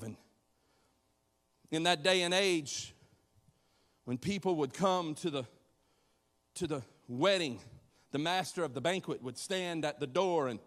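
A man preaches to his congregation in a lively, conversational way, joking and acting out the people in his story. His voice sits a bit high for a man. It rings out with a long reverb from the church hall. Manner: animated, conversational, acts out voices and jokes with the congregation. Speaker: pastor. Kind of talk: sermon.

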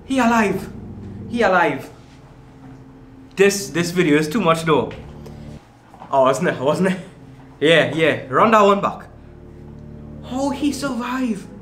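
A man hosting a reaction video, talking casually and excitedly, often repeating himself in slangy speech. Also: high voice, slow pace, pauses often, roomy sound, a little hiss or hum. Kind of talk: casual commentary reacting to clips.

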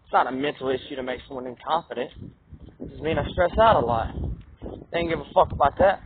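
High-voiced man ranting angrily, tinny wind-blown audio. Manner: angry, profane, rambling rant. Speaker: vlogger. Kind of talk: ranting monologue to camera.

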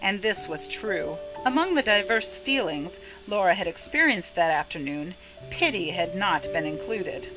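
A woman reading a novel chapter aloud in a measured, expressive narration. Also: lowish voice, poor audio. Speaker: audiobook narrator. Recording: narration with music underneath. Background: music.

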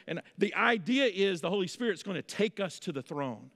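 High-voiced animated male preacher. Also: brisk, big-room sound. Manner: folksy storytelling, animated. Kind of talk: sermon. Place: church sanctuary.

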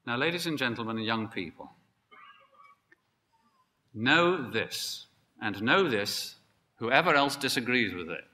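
Animated preacher man in a reverberant hall. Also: mid-range voice, a little slow, pauses often. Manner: emphatic, rising to excited peaks. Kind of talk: sermon.

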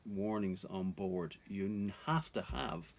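A man's voice: deep voice, takes it slowly, a little mellow. A man vlogging about off-grid life, talking to viewers in an earnest, cautionary way. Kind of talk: casual advice to viewers.

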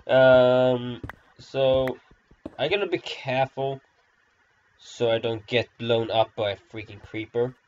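Male gamer, slow rambling commentary, sarcastic, muffled lo-fi sound, faint background hiss. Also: mid-range voice, fairly even intonation, darkish tone. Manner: rambling, self-deprecating, sarcastic. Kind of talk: gameplay commentary. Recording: dull lo-fi recording.

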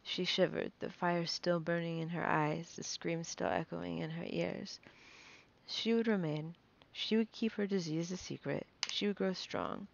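A woman with a low, gravelly voice reads a fantasy novel aloud, nervous and quick to stumble and correct herself. The recording is dull and lo-fi. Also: fairly even intonation. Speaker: reader.

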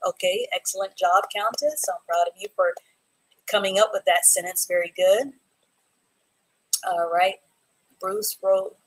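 This is a woman running a live online reading class, her voice sitting a little low. She reads out her students' sentences from the chat and praises each one by name. Her pace is slow and clear, and she stays patient and encouraging throughout. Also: steady tone, poor audio. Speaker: reading teacher.

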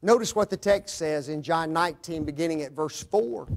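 Guy preaching a sermon, pretty high voice, goes loud then drops quiet, talks right to the folks. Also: normal speed, hardly any pauses. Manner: dramatic, swinging from loud climaxes to hushed low lines; addresses the congregation directly.

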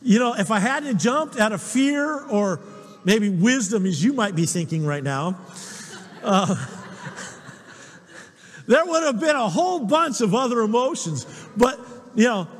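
A man preaching a sermon, telling personal stories in an animated way and chuckling often. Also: high voice, unhurried, pauses often, breathy edge, big-room sound. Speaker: pastor.

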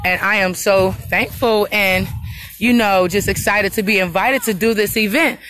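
A woman's voice: mid-range voice, normal speed, a bit bright, low-quality recording. A woman giving casual, upbeat live commentary on her phone while walking around an outdoor park event, laughing often. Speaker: live-streamer at a community event. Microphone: phone camera, live stream. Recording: outdoor noise behind.

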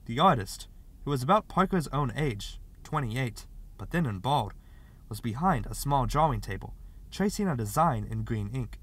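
A man narrating a literary short story as an audiobook reader, in a steady, expressive way. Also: medium pitch, normal speed.

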